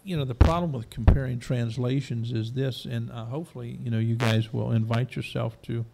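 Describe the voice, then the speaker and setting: A man's voice: mid-range voice, fairly quick, creaky. A man hosting a casual panel chat over dinner, talking between bites. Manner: eating while talking, relaxed interjections. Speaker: host. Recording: faint room noise, live stream.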